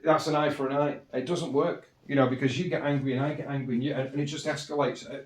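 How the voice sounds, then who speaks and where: A man's voice: mid-range voice, steady tone, fast talker. A man talking in a casual, reflective monologue as a podcast host, earnest and rambling, often restarting and saying "you know".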